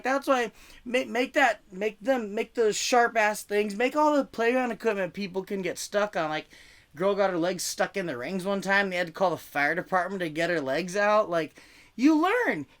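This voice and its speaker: Over a video call microphone, a high-voiced, slightly bright man performs loose, meandering stand-up comedy. He's conversational, restarts often and leans hard on "like."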